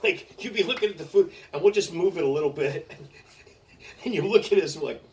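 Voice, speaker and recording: A man's voice: on the high side, a little fast, darkish tone, recorded from a distance. A man telling stories in a casual chat, swearing often and laughing through his own stories. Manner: profane, laughing storyteller. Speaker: comedian host.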